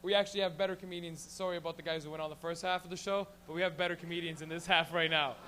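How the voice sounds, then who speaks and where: A man's voice: fairly high pitch, steady tone, sharp tone, a little hiss or hum. A man hosting an open mic comedy night in a small lounge, telling rambling, profane stories on a handheld mic. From Canada. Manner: profane, rambling, rapid storytelling. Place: small lounge venue stage.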